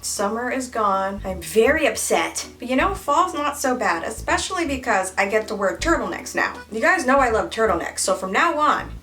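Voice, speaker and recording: A woman's voice: a little high, animated, moderate pace, hardly any pauses, fairly bright tone, distant mic, soft background music. A woman beauty vlogger chatting through a casual makeup tutorial at home, playful and goofy, given to silly asides.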